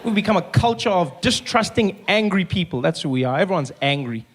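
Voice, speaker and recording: A young man performs a stand-up set. His voice sits high and he tells stories animatedly, jumping between asides and impressions. A faint hiss sits under the recording. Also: lively intonation, brisk. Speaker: stand-up comedian. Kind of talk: stand-up routine.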